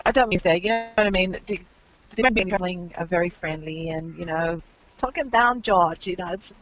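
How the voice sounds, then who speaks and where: A man's voice: high-pitched, level tone, quick pace, fairly bright tone, slight background noise, rough recording. A man with an Australian accent chatting casually, blunt and opinionated, rambling through his points. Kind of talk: casual chat.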